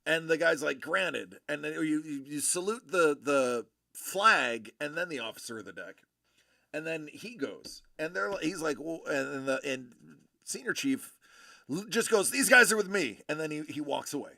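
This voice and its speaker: A man in his thirties telling a story in casual chat, acting out the people in it with animated voices. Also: fairly high pitch, moderate pace, creaky, no room sound, clean studio sound. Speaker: show host telling a story.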